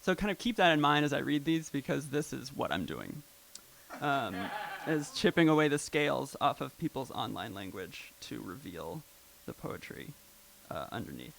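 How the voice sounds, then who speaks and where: A man's voice: mid-range voice, very animated, normal speed, vocal fry, fairly bright tone, slight background noise, rough recording. A man giving a casual live talk at a poetry and technology evening, loose and chatty with many fillers. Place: live event venue.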